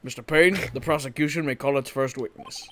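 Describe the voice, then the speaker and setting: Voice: medium pitch, fairly even intonation, a little fast, a bit bright, a little hiss or hum, close to an everyday voice. A gamer reading a stern older male judge's lines aloud from a game.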